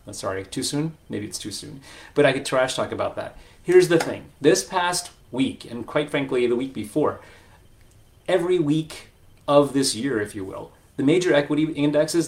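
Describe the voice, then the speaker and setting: A man talking straight to camera about money, chatty and full of jokes and asides. His voice is gravelly with a mid-range pitch, relaxed and conversational. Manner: chatty, joking, many asides. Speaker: financial advisor. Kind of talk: casual talking-head video.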